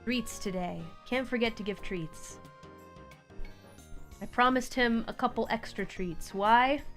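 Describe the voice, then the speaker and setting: A woman hosting a relaxed live stream from home, chatting casually, laughing often and cooing at her cat. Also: fairly high pitch, slow pace. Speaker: livestream host. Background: faint background music.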